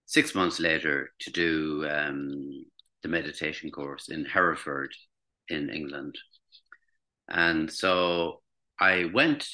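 A man's voice: rumbling low, pushed and bright. A man in his sixties, once a teacher, tells a personal story in a reflective, hesitant way, with many restarts. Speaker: former teacher recounting recovery.

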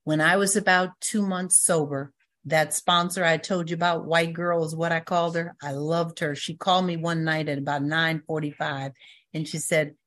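Older woman with a low, grounded voice, sharing her recovery testimony as a lively storyteller. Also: normal speed. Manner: storytelling, acts out quoted voices, laughs. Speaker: recovery meeting speaker. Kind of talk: personal testimony talk.

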